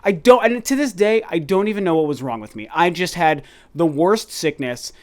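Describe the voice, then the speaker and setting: A man in his thirties, a gaming YouTuber, telling a long rambling story to his viewers in a casual, animated way. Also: fairly high pitch, normal speed. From Colorado, USA. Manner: animated, rambling, addresses viewers as "you guys".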